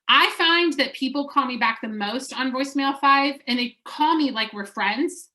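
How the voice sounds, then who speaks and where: A woman's voice: high voice, normal speed, hardly any pauses, bright, forceful tone. A woman coaching real estate agents in an upbeat, chatty way, acting out sample voicemails as she teaches.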